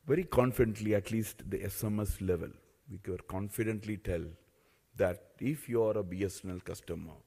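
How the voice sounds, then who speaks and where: A man's voice: on the low side, mellow, slightly rough. A man, speaking as a telecom executive in a panel talk, earnest and often repeating or restarting his phrases.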